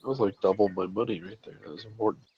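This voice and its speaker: A man playing in a tabletop game, calling out loud quips from away from the mic. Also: fairly low pitch, fast talker, breathy edge. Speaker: player. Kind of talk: casual tabletop game chat. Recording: dull, lo-fi distant mic.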